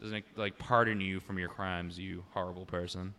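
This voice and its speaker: A young man in casual chat, ranting and swearing freely about a friend, getting loud and animated as he vents. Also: low voice, moderate pace, slight background noise.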